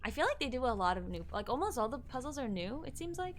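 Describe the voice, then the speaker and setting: A woman's voice: sits high, sing-song, fast talker, slight background noise. Chatty young woman streamer, jumpy. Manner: chatty, easily spooked, thinks aloud. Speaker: gaming streamer. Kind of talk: casual live-stream commentary.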